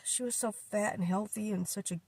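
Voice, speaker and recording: An older woman talking in a personal vlog, halting and emotional, with many fillers and restarts. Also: medium pitch, a little mellow, dry recording. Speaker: vlogger.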